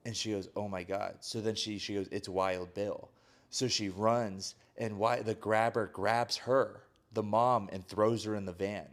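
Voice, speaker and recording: A man's voice: on the low side, a little slow. A man co-hosting a podcast, casually retelling a film plot and acting out the characters' lines. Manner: animated storyteller acting out quoted lines, frequent "like". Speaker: podcast co-host.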